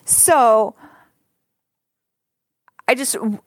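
A woman's voice: on the high side, drawn-out words, noisy background. A woman co-hosting a podcast, recounting a story in a chatty, wry way. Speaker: podcast co-host. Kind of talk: casual chat, storytelling.

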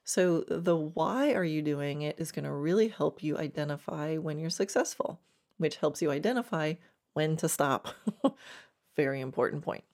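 A woman's voice: low voice, expressive, moderate pace, a little mellow. A woman riding coach giving a reflective instructional talk about planning horse training, with a laugh now and then.

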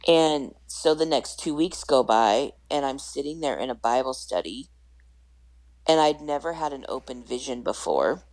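A woman guest on a podcast telling her personal faith testimony in an earnest, animated way, with self-deprecating humor. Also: very deep voice, normal speed, low-quality recording.

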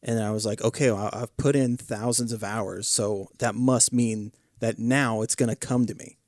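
A man's voice: fairly low pitch, fairly even intonation, normal speed, a little mellow. A man co-hosting a casual podcast, laid-back in his delivery. His voice is recorded dry and close with no room echo. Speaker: podcast co-host.

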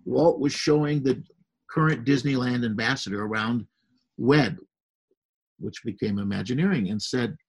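An older man tells a story with a gravelly, husky voice. He sounds relaxed and conversational, and he slips into the voices of the people he quotes. His pitch sits in an ordinary middle range. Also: moderate pace, low-quality recording. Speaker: podcast guest.

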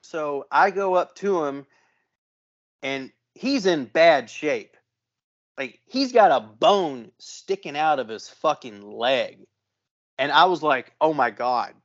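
A man's voice: medium pitch, slow, no room sound, muffled recording. A man telling a long story on a casual podcast, swearing often and acting out the other people in it. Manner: profane, animated storyteller. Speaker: podcast co-host.

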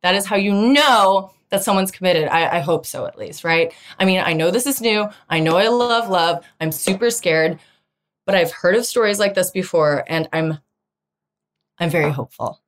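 A woman's voice: on the low side, normal speed, slight background noise. A woman in her thirties hosting a podcast and telling a personal dating story in a chatty way, often acting out other people's lines in a raised voice. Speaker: podcast host. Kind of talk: casual storytelling monologue.

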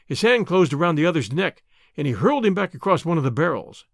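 A man narrating a mystery story and hosting the show, with expressive storytelling. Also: fairly high pitch, fast, no room sound, studio quality. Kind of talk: audiobook narration.

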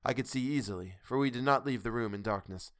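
A man reading a classic novel aloud in a measured, steady storytelling voice. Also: mid-range voice, no room sound, studio quality. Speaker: audiobook narrator. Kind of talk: audiobook reading.

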